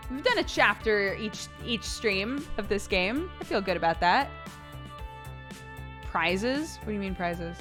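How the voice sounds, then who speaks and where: A woman with a sore throat chats with her stream audience, giggling often and swearing casually. Her voice sits at an ordinary middle pitch. Soft music plays faintly behind her. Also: animated, measured pace.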